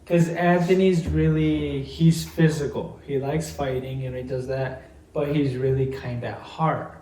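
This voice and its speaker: A woman with a very low, deep voice chats casually with a friend, reacting and musing in loose half-sentences. She sits away from the mic in a roomy space with a faint hiss. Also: unhurried. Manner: relaxed, agreeing, short reactions and musings. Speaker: podcast co-host. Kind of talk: casual chat. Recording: echoey room, mic at a distance, faint noise.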